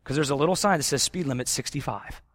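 A man preaching a sermon, swinging between loud emphatic stretches and quiet, intense asides. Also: medium pitch, fast, dry recording. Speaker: pastor.

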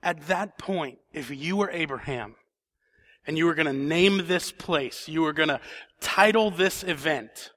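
A man's voice: fairly high pitch, a little slow, fairly bright tone. A man preaching a sermon in a church, reading scripture and then building to emphatic questions. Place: church sanctuary.

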